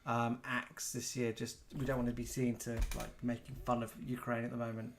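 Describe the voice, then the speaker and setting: A man's voice: medium pitch, level tone, fairly quick, crowd noise. A man co-hosting a live chat show, rambling and giggly in casual talk.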